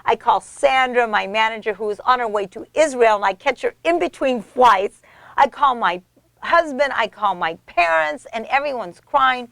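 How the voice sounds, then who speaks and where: A woman's voice: a little high, normal speed, gravelly, dry recording. Effusive American woman, dry close sound. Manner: animated and effusive, many restarts. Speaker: actress and interview guest. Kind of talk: casual storytelling in an interview.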